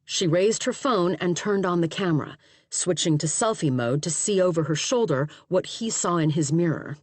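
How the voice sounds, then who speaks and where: A woman narrating a thriller audiobook in a steady, even read from a recording booth. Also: lowish voice, normal speed, no echo. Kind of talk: scripted narration.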